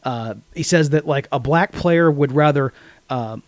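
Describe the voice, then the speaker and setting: A man with a slightly high voice talks through a movie on a podcast, jumping into the characters' lines as he goes. The sound is dry and close to the mic, with no room around it. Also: measured pace, dry recording. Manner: animated retelling of scenes, quotes characters. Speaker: podcast co-host. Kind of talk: casual movie podcast chat.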